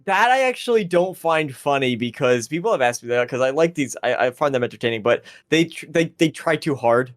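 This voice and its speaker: A man's voice: animated, brisk, hardly any pauses, no echo, clean studio sound. A man co-hosting a podcast, chatting casually and playfully hyping up things he enjoys. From Italian heritage. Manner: playful, hyping things up in a sing-song pitch. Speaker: podcast co-host. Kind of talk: casual chat.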